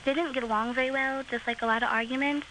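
A teenage girl calling in to a late-night call-in radio show. Her voice is very high and childlike, and she sounds bright and thin. She talks hesitantly and fills her answers with "um"s. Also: fairly even intonation, quick pace, a little hiss or hum, rough recording. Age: teens. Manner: hesitant, many "um"s. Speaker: caller.

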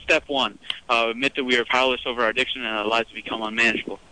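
A man's voice: medium pitch, steady tone, very fast, bright, forceful tone, low-quality recording. Hesitant young male radio caller. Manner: hesitant, rambling, full of fillers. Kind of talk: phoned-in radio call.

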